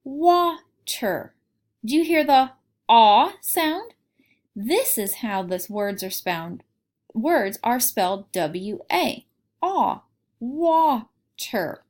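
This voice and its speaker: A woman teaching young children a phonics lesson, reading aloud and sounding out words clearly. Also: mid-range voice, lively intonation, slow, a little mellow.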